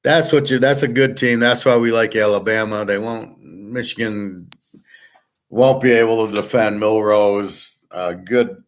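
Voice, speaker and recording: A man's voice: on the low side, a little slow. A middle-aged man hosting a sports betting show, talking casually in a blunt, profane, rambling way with many fillers. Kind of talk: casual monologue.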